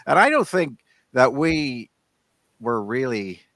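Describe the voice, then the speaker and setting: A man co-hosting a podcast in casual chat, rambling and halting with many restarts. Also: mid-range voice, sing-song, a bit bright, dry recording, studio quality. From Northern Ireland. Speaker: podcast co-host.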